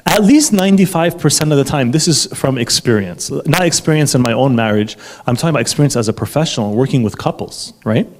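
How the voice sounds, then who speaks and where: A man's voice: medium pitch, fast talker, few pauses, a little hiss or hum. A man, a marriage counselor, giving a live talk to an audience, emphatic and often asking the listeners if they follow. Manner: animated, emphatic, asks the audience for agreement.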